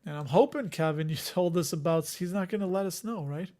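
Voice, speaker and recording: A man in his forties with a fairly high voice hosts a loose livestream chat. He wanders between thoughts, restarts his sentences and laughs easily as he reads out viewer comments. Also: brisk, darkish tone. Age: 40s. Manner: chuckles often, trails off and restarts. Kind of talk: casual rambling livestream chat.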